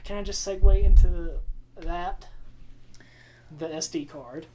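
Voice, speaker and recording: A speaker in casual chat, sarcastic and animated, often mimicking other people's voices. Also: medium pitch, slow pace, background noise.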